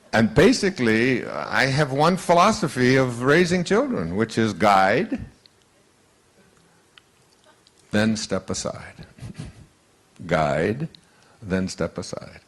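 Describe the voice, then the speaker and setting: An older man tells a family anecdote to an audience in a relaxed, wry manner, chuckling along the way. His voice sits low, yet it rises and falls freely as he leans into the story. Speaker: speaker.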